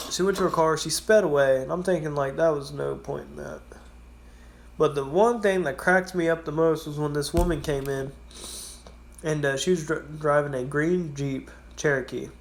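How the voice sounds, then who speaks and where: A man's voice: mid-range voice, a little hiss or hum. Rambling, cussing man telling work stories. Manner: rambling, swears casually, acts out customers. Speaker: gas station worker telling stories. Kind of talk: casual storytelling vlog.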